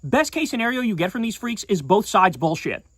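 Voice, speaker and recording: A man with a notably high voice delivers heated political commentary for a video, swearing freely and dripping with sarcasm. The sound is dry and close, with no room around it. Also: big pitch swings, fairly quick, no room sound.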